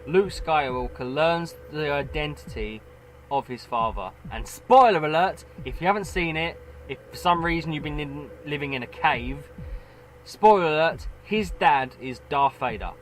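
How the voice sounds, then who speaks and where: A man's voice: fairly high pitch, expressive, moderate pace, slight background noise, low-quality recording. Rambling man, co-host chat. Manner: rambling, self-interrupting. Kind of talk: casual chat.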